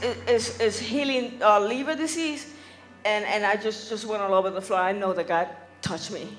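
A woman testifying at a church service, halting and repeating herself as she describes her healing. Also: medium pitch, roomy sound, music in the background. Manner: halting, repeating words, restarting. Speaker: church member giving testimony. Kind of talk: spoken testimony.

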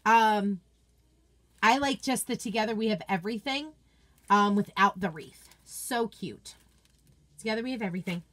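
A woman's voice: mid-range voice, moderate pace, long pauses, fairly bright tone. A woman hosting a casual live unboxing, chatty and gushing as she reads out viewer comments. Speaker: craft product consultant and host.

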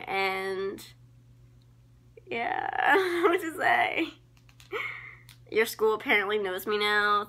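A teenage girl vlogging casual shout-outs to friends into a phone camera, giggly and gushing, full of ums and likes. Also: mid-range voice, vocal fry.

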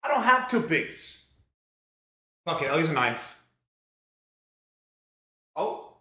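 A man's voice: on the high side, sing-song, slow, bright, forceful tone. A young man from Mexico streaming live while he cooks, chatting casually in a rambling, profane way full of fillers. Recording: roomy home echo.

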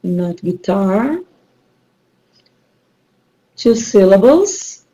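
Slow-spoken woman with a Brazilian accent. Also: medium pitch, very animated, mellow, rough recording. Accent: Brazilian Portuguese. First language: Portuguese. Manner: slow, patient, encouraging. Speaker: online class teacher. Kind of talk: running a rhyming word game.

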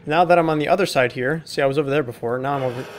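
A man's voice: medium pitch, rapid-fire, background noise. A young man doing let's-play commentary, casual and profane, sarcastically reading notes aloud.

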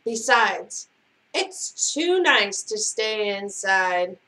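A woman voicing an unflappable, smooth-talking male cat in a read-aloud storybook, with calm, breezy reassurance. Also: medium pitch, very slow, exaggerated voice.

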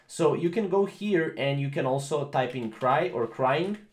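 Higher-pitched man rambling through a tutorial in a roomy space. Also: lively intonation, a little slow. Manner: rambling, with many fillers and repeated phrases. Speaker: tech tutorial host. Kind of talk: casual screen-recorded tutorial.

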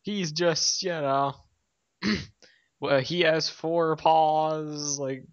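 A man's voice: a little high, steady tone, drawn-out words, clean tone, no room sound. A man recapping a cartoon episode in casual chat, rambling, laughing often and quoting the characters in jokey voices. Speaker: show co-host. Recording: dry, dull lo-fi mic.

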